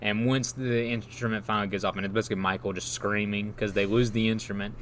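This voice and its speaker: A man's voice: on the low side, level tone, fast, a bit bright, a little hiss or hum. A man in casual chat, rambling through an enthusiastic plot recap and laughing along. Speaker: podcast co-host.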